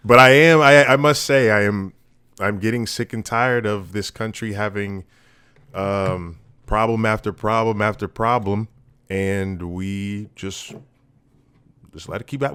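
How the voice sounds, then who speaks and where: A man's voice: fairly low pitch, fairly bright tone, clean tone, dry recording. A young man co-hosting a podcast, talking bluntly and profanely in casual chat that turns into heated ranting. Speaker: podcast co-host.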